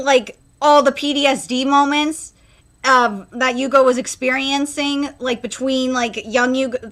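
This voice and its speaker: A woman streaming a live manga reaction, rambling with many fillers and restarts, and getting loud and emotional when moved. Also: a little high.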